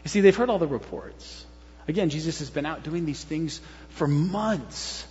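A man's voice: on the high side, moderate pace, long reverb tail, highs cut off. A man preaching a sermon in a church, talking conversationally with the congregation and acting out the voices of the crowd. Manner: animated, acts out crowd voices, conversational asides. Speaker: pastor.

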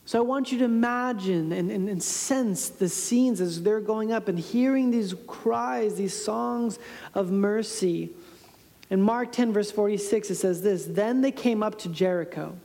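A woman preacher telling a scripture story in a sermon, with dramatic shifts between loud and hushed delivery. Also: medium pitch, a little slow. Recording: long reverb in a large hall.

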